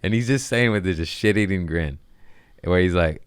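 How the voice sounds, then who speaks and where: A man's voice: low-pitched, moderate pace, smooth, no echo, studio quality. A man hosting his own podcast, rambling crudely in a casual monologue and laughing at his own jokes. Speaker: podcast host.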